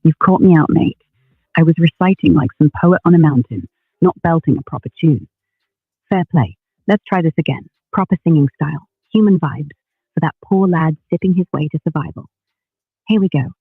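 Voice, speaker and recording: A man's voice: on the high side, moderate pace, slightly rough, no room sound, narrow, tinny audio. A synthetic male voice with a Northern English accent, an AI co-host bantering in a cheeky, chummy way. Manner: chummy, cheeky, calls people mate. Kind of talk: casual banter.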